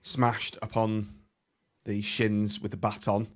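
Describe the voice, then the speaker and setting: A man's voice: fairly low pitch, level tone, takes it slowly. A man hosting a casual podcast chat, speaking hesitantly with many fillers. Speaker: podcast host.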